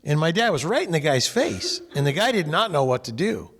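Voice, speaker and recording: A man's voice: on the high side, fairly quick, long reverb tail. A man from California tells a personal story while leading a faith discussion group, acting out the people in it. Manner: animated, acts out quoted people.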